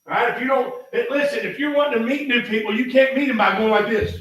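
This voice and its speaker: A pastor preaching a folksy sermon, repeating himself and building up to shouts. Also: male voice, very high-pitched, quick pace. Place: church sanctuary. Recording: echoey hall, mic far off.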